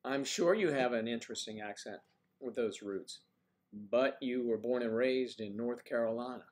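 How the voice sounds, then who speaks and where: A livestream host from the Washington DC area, with no marked accent, reads viewers' comments aloud and cracks jokes. He speaks at medium pitch and normal speed, chatting casually and teasing his audience.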